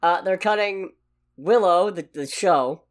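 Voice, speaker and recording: A woman's voice: fairly low pitch, unhurried. A woman co-hosting a podcast, chatting casually with a sarcastic, ranting edge. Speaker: podcast co-host. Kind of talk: casual chat.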